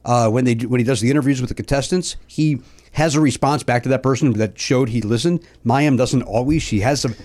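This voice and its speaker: A man's voice: mid-range voice, fairly quick. A man hosting a casual comedy podcast trivia game, ranting playfully and swearing. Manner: animated, swears, mock rants. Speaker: host.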